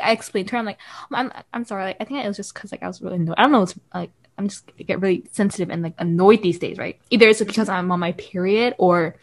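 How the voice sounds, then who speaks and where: Fast-talking young woman storyteller. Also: mid-range voice. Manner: rapid storytelling with Korean words mixed in. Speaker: podcast co-host. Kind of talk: casual chat.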